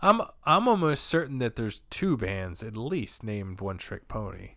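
A man, a comedian guest, loudly riffing and joking in casual podcast banter, swearing freely. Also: on the low side, expressive, a little slow, gravelly, no room sound, studio quality.

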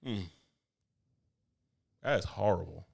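A man's voice: lowish voice, lively intonation, slow, gravelly, darkish tone, no echo, clean studio sound. A man co-hosting a casual podcast chat, joking around and swearing. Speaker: podcast co-host.

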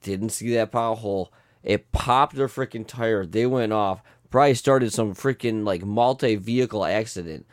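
A man co-hosting a podcast in casual chat, excitable and quick to swear. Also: on the low side, dry recording, clean studio sound. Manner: excitable, swears often, laughs a lot. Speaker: podcast co-host.

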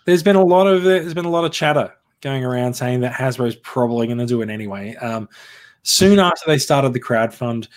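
A man's voice: medium pitch, brisk. A man co-hosting a podcast, explaining things at length in casual chat, often restarting his sentences. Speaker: podcast co-host.

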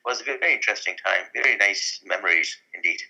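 A man talking about his career and friendships in a relaxed interview, chatty with frequent fillers. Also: lowish voice, fast talker, gravelly, low-quality recording. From Canada. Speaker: interview guest. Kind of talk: casual conversation.

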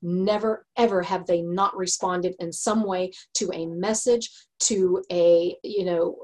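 A woman's voice: lowish voice, fairly even intonation, a little slow. A woman with a Texas accent hosting a podcast, talking earnestly in a casual chat. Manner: earnest and warm-hearted, frequent laughs and restarts. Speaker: podcast host.

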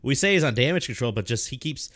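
Man, podcast co-host, casual chat, quick quips, mid pitch, dry sound. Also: animated, a bit bright, no room sound.

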